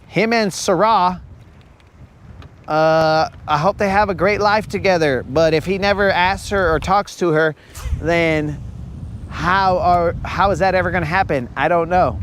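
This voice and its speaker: A man's voice: sits high, unhurried, fairly bright tone, slight background noise. A man hosting a fishing live-stream outdoors on a lake, chatting playfully and teasing his viewers. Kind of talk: casual live-stream chat.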